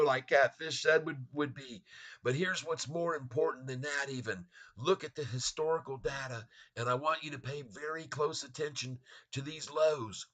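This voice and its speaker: A man's voice: medium pitch, pushed and bright. A man hosting a live stock market stream, reading out prices and taunting short sellers with frequent laughter. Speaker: stock market livestream host.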